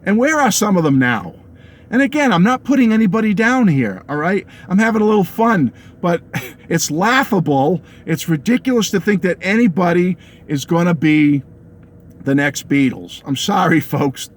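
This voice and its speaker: This is a casual, opinionated to-camera monologue about music from a middle-aged vlogger with a New England accent. His voice is high-pitched and animated at a moderate pace, and he frequently laughs and checks in with the people watching.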